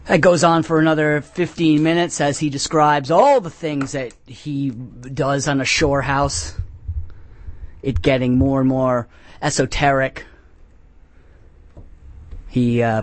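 A man hosting a comedy podcast, rambling with sarcastic, jokey asides. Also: medium pitch. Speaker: podcast host. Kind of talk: comedic casual talk.

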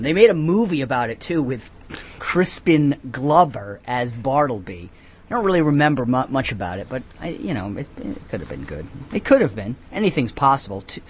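Rambling deadpan radio host, man. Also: on the high side. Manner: halting, many restarts. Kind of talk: comic call-in radio chat.

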